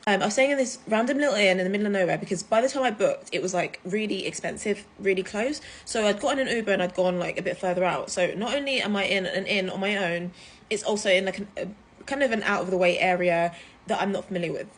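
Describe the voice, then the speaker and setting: A woman from the UK, telling a story to camera in a chatty, animated way, full of fillers. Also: medium pitch, fast. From United Kingdom. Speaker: vlogger. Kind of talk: casual storytime vlog.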